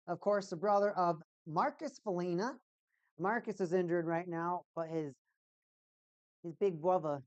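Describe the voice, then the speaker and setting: A woman with a fairly low voice, speaking at a moderate pace, streams a hockey watch party with casual, playful play-by-play chat. She rambles and repeats lines sing-song fashion, and the lo-fi sound has no room sound.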